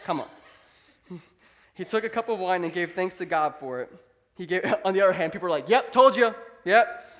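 A pastor delivers his sermon in a high, light male voice. He preaches emphatically but keeps it conversational, like he is talking straight to his congregation. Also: lively intonation, a little fast, long pauses. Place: church.

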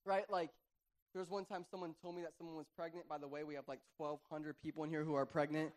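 A man with a high voice preaches to his congregation. His delivery is animated and conversational, full of playful asides to the crowd. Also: very fast. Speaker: pastor. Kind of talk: sermon.

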